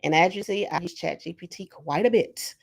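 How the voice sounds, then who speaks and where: Brief: woman on a video call, fairly low voice, casual teaching tone, loose and chatty with fillers. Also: brisk, gravelly. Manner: conversational, many fillers, acts out sample prompts. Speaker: workshop presenter.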